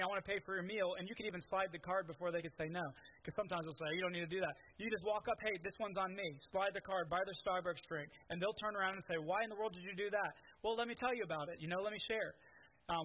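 A man's voice: high-pitched, bright, forceful tone, a little hiss or hum, rough recording. A man preaching a sermon, telling stories in a conversational way with many restarts. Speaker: pastor.

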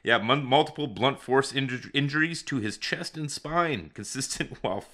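A man's voice: medium pitch, moderate pace, fairly bright tone. A man co-hosting a casual comedy podcast, laughing often and slipping into silly voices. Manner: jokey, laughs often, slips into silly voices when quoting people. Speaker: podcast co-host.

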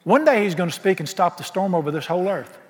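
A pastor with a high-sitting male voice preaches fast, with lively intonation, in a church sanctuary. His folksy, exuberant sermon is packed with rhetorical questions and carries the long reverb of the hall.

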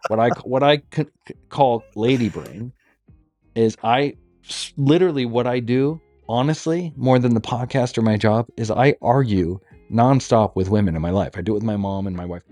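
A man's voice: medium pitch, normal speed, dark tone, no room sound, soft background music. A man talking as a podcast guest over a phone, rambling, joking and swearing freely in casual chat. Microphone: remote call on a phone.

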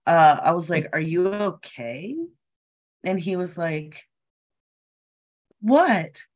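A woman's voice: lowish voice, slow. A woman telling a story in casual chat, acting out what people said and swearing freely.

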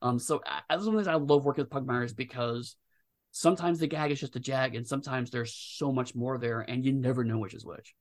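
A man, a game designer guest, talking at length in a rambling, animated way with many restarts. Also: medium pitch, fast talker. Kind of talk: casual interview chat.

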